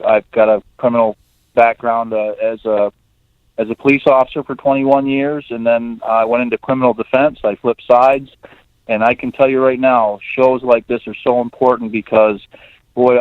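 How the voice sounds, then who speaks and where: A man's voice: medium pitch, dry recording. A middle-aged man, a defense lawyer, talking in a friendly and eager way as a guest on an interview show. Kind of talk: phone interview. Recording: tinny phone line.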